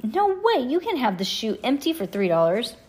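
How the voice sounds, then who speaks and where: A woman's voice: a little high, sing-song, normal speed, darkish tone. A woman reading aloud as a spunky, stubborn little girl who talks insistently.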